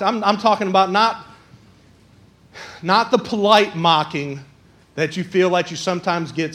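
A man preaching a sermon, swinging between hushed quoted lines and raised, emphatic exhortation. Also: sits high.

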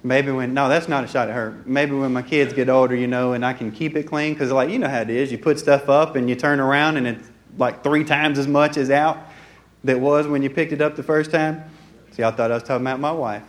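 A man's voice: mid-range voice, steady tone, fairly quick. Joking pastor, a man. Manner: folksy and joking, acting out dialogue. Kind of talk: conversational sermon. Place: church. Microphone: handheld or stand mic.

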